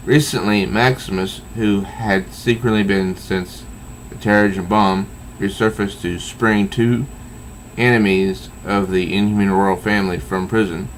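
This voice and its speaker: Slow, low-voiced man recapping a comic. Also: slight background noise, low-quality recording. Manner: measured, slow recap with asides. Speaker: comic book reviewer. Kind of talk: summarizing and reading a comic.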